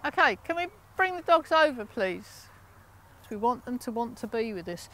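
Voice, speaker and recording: A woman from the United Kingdom teaching a dog training class, giving brisk, encouraging commands with lively inflection. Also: on the high side.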